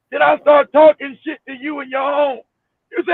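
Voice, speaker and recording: High gravelly guy ranting, swearing a lot, sounds like a tinny phone line. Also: fairly quick, dry recording. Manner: loud, animated, profane ranting. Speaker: co-host. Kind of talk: casual chat.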